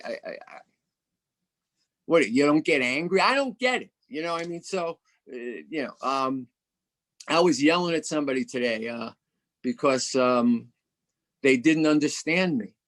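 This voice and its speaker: A man's voice: on the high side, animated, moderate pace, a bit bright. A man giving a candid, self-mocking personal share at a recovery meeting as a guest speaker, often stammering and repeating words over a video call.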